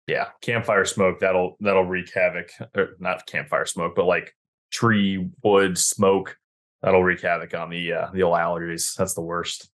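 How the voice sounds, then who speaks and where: A man co-hosting a hockey podcast in casual chat, animated and swearing freely as he argues his point. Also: low-pitched, measured pace. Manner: animated, swears when worked up. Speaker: podcast co-host.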